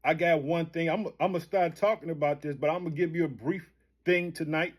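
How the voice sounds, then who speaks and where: A man's voice: a little high, fairly quick. A man hosting a podcast, giving a fervent, informal late-night sermon that calls out to the listener. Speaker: podcast host and preacher.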